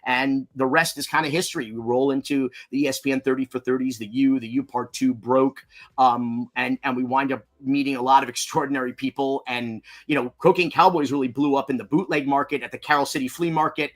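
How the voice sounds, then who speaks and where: A documentary filmmaker from Miami telling rambling, profane anecdotes as a podcast guest, full of fillers and restarts. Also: male voice, medium pitch, fairly even intonation, a little fast. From Miami, Florida, US. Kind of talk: anecdotal storytelling in a podcast interview.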